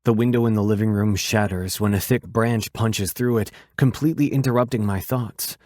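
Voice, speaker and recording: A man narrating an audiobook in a measured, even storytelling manner. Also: on the low side, no echo.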